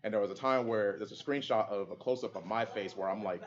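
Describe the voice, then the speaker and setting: A man's voice: lowish voice, fast talker. A man on a panel, a game caster, telling stories in a casual, laughing way with many fillers. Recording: dull lo-fi audio.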